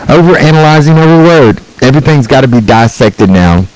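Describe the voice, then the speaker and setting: Slightly fast and animated, a little mellow in tone, a stand-up comedian's mid-range voice rants sarcastically and profanely. He's angry and slips into mocking put-on quotes, heard through a low-quality recording.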